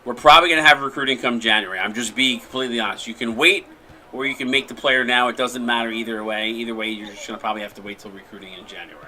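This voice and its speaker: A man hosting a live stream, mixing casual chat with excited play-by-play calls. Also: medium pitch, racing, a little hiss or hum, poor audio. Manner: chatty, jokey, breaks into excited shot calls. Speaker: play-by-play commentator and stream host.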